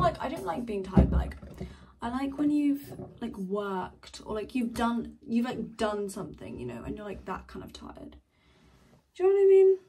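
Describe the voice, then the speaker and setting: Sitting at home, a twentysomething vlogger rambles along casually, letting thoughts trail off and cursing without restraint. Her medium-pitched voice comes through a distant mic with background noise.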